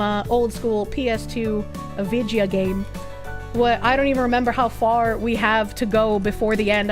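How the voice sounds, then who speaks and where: A young woman with a Boston accent, chatting casually on a live stream, profane and excitable with bursts of yelling. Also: fairly high pitch. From Boston, USA. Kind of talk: casual live-stream chat reading comments.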